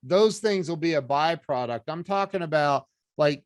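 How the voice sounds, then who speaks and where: A middle-aged man, a podcast guest, telling a story in an animated, earnest way. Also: a little high, moderate pace, clear, resonant tone, dry recording, studio quality. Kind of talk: casual storytelling chat.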